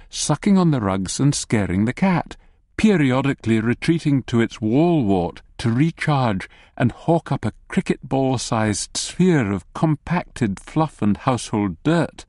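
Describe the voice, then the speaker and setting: A man narrates a story in the second person, tossing in wry asides as he goes. His pitch moves a lot, keeping the reading lively. The recording is dry and close to the mic, with no room sound. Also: no room sound. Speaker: audiobook narrator. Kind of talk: scripted narration.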